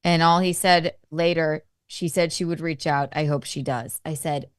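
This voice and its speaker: A woman's voice: on the low side, lively intonation, normal speed, few pauses, fairly bright tone, no room sound, clean studio sound. A woman guest on a casual talk show, talking in an exasperated, emphatic way and swearing freely. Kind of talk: casual podcast chat.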